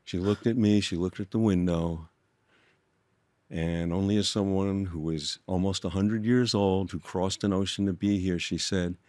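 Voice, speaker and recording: Older guy, really deep voice, slow thoughtful stories, dry close sound. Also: steady tone, no room sound. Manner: gentle, thoughtful, halting with restarts. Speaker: guest author. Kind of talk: reflective storytelling conversation.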